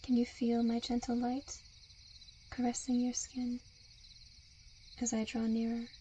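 A woman in a whispered role-play, with a soft, soothing and coaxing hypnotic murmur. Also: a little high, completely flat delivery, a little slow, slight background noise. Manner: seductive, coaxing.

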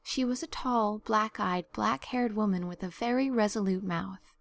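A woman narrating a story as an audiobook reader, measured and expressive. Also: mid-range voice, vocal fry, no room sound. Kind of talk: scripted narration.

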